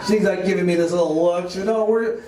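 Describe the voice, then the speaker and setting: A man's voice: high-pitched, level tone, racing, recorded from a distance, background noise. A man doing a stand-up comedy set on a club stage, telling rambling self-deprecating stories to an audience that laughs along. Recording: echoey club, voice off-mic, crowd laughter.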